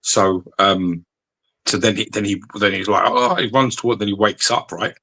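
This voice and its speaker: Man, very deep voice, bright forceful tone, husky, sweary casual chat. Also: fairly even intonation, normal speed, low-quality recording. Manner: loose and sweary, with many fillers.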